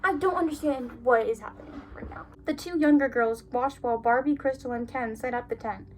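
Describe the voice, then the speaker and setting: Against slight background noise, a young woman reads her old childhood stories fairly quickly in a voice on the high side. She breaks off now and then for sarcastic, giggly asides, clearly incredulous at what she wrote.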